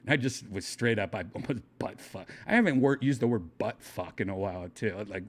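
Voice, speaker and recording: A man, a comedian hosting his own podcast, telling a crude story in casual, animated fashion and laughing often. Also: a little fast. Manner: animated, jumps up in pitch for quoted voices, crude jokes, laughs often. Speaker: podcast host.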